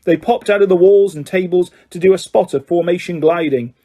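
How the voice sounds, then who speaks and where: Man reading an audiobook, higher pitch. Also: fairly quick. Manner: steady reading, occasional slips and restarts. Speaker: audiobook narrator. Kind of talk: audiobook narration.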